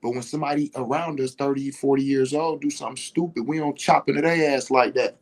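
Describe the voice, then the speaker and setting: A man holds forth on his own livestream in an easygoing, rambling monologue. His voice sits in a middling register. He leans on filler tags and repetition, and he gets louder and more heated when pressing a point. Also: medium pitch, steady tone, fast talker. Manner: rambling, repeats "you know what I'm saying". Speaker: livestream host.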